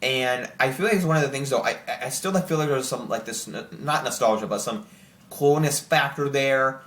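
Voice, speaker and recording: A young man chatting casually to camera as host, excited and rambling with lots of filler words. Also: mid-range voice, moderate pace. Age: young adult. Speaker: channel host ranking TV shows. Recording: roomy echo.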